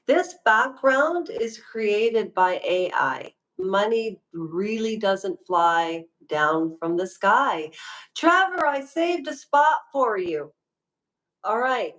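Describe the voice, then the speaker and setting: A woman hosts a casual livestream and talks slowly at a relaxed, unhurried pace. She rambles in a chatty way and speaks straight to her viewers. She is from Canada. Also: mid-range voice, low-quality recording. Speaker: livestream host.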